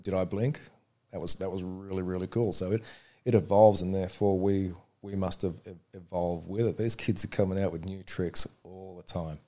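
A man, a referee guest talking frankly and easily, often repeating words as he thinks. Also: sits low. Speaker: MMA referee, interview guest. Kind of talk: casual interview chat.

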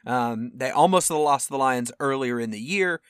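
A young man co-hosting a football podcast in casual chat, animated and acting out quotes with sudden loud outbursts. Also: medium pitch, normal speed, clear, resonant tone, no echo. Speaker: podcast co-host.

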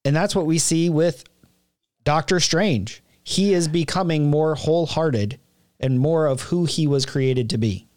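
A man's voice: fairly high pitch, measured pace, darkish tone, dry recording, clean studio sound. A man co-hosting a casual faith podcast, reflective and quoting scripture as he talks. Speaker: podcast co-host.

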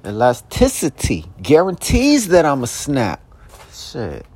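Alone on his podcast, a young man delivers a casual, rambling monologue full of swearing and street talk, erupting at times into shouted questions. He speaks slowly at a medium pitch that swoops wildly, with a slightly rough texture.

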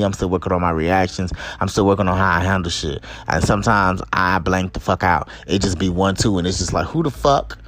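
A young man hosting a podcast, ranting in an angry, exasperated and profane way. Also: mid-range voice. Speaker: podcast host. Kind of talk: angry commentary rant.

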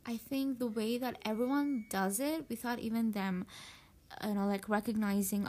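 A woman's voice: on the high side, steady tone, normal speed, mellow. A woman who speaks English as a second language, hosting a casual podcast and chatting loosely with many fillers and restarts. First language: not English. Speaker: podcast host. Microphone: voice message recording.

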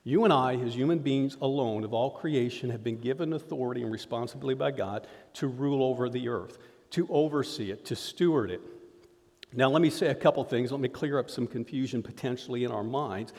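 A man preaching a lively sermon to his congregation, often calling them folks. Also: medium pitch, a little fast. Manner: energetic preaching, addresses crowd as folks. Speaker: pastor. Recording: reverberant hall sound.

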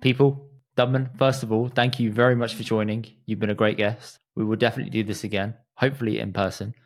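A man hosting a casual podcast, relaxed and quizzing his guest, swearing offhandedly. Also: lowish voice, quick pace. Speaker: podcast host.

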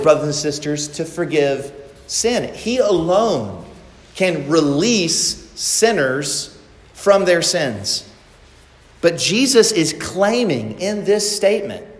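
A man with a fairly high voice preaches in an earnest, deliberate way, drawing out his key words. His voice rings through a large, reverberant church hall with a long echo. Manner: earnest preaching, slows down for emphasis. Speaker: pastor. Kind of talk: sermon.

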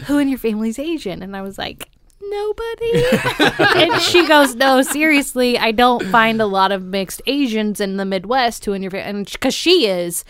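A woman's voice: medium pitch, brisk, hardly any pauses, clean tone. A woman in her thirties hosting a casual chat with friends, telling stories and acting out what other people said. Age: 30s. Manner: animated storyteller, acts out others' lines. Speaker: podcast host.

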